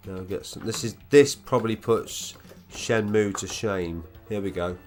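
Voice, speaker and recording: A man's voice: low-pitched, steady tone, moderate pace, music in the background. A man with a Black Country accent chatting casually on a live stream while he plays, swearing freely and laughing often. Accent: Black Country English.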